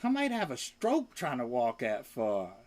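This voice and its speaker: Slow, lively-pitched laid-back man. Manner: laid-back, baby talk to his pet. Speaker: livestream host. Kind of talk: casual chat. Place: at home.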